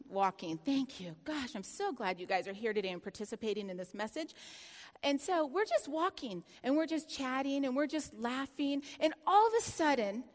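A high-pitched woman preaches in a room with a long, ringing reverb. She tells a personal story in a lively, chatty way, laughing easily, then drops to a hush for the dramatic moments.

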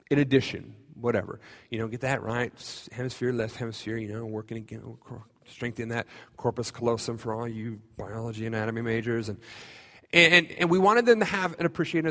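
In a church sanctuary, a pastor delivers a conversational sermon sprinkled with self-deprecating humor. His voice is mid-range with a fairly bright tone, and the long reverb of the church hall carries through the recording.

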